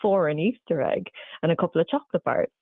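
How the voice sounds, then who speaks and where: A young Irishwoman with a Cork accent, a guest on a radio show, chatting in a lively, good-humoured way. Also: low-pitched, quick pace, crowd noise. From Ireland. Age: young adult. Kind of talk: casual interview chat. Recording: tinny phone line.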